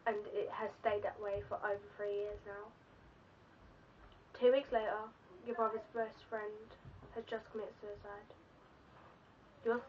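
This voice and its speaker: A woman's voice: mid-range voice, far from the mic, muffled recording, slight background noise. A woman vlogger telling an emotional story in the second person, earnest and pleading.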